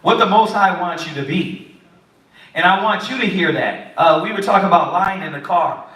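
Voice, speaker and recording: A man preaches in a high, bright voice, animated and pointed, acting out little quotes. The mic sits some way off, so he is heard from a distance in a very echoey room. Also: normal speed. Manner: animated, preachy, acts out quotes of kids and parents. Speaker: Bible study teacher. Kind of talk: sermon-style teaching.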